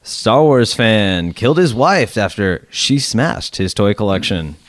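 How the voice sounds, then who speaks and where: A man co-hosting a comedy podcast in a garage, defensive and deadpan in a mock-indignant way. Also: fairly low pitch, a little slow, noisy background. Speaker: podcast co-host. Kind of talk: casual comedy podcast banter.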